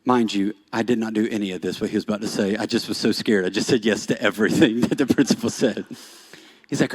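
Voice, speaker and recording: A man preaching a sermon as pastor, shifting from animated emphasis to soft-spoken storytelling. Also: fairly low pitch, fast, husky. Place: church stage.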